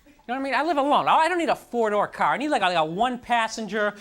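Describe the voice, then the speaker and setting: A man's voice: very high voice, expressive, rapid-fire, a bit bright. A man doing a stand-up comedy set, self-deprecating and exasperated, with lots of "like" and "you know" in his talk. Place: comedy club stage with live audience. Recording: live club recording with crowd laughter.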